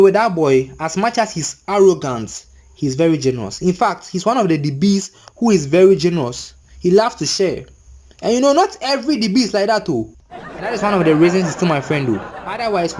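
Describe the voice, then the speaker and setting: Ghanaian man telling a comic story. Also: a little high. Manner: animated, exclaiming, laughing asides. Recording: crowd chatter and noise behind.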